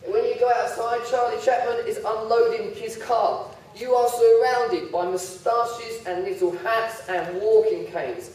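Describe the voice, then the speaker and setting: A man's voice: very high-pitched, steady tone, unhurried, hardly any pauses, a little mellow. A man giving a humorous sermon, telling self-deprecating stories about his own slip-ups. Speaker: preacher. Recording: very echoey hall, voice heard from far off.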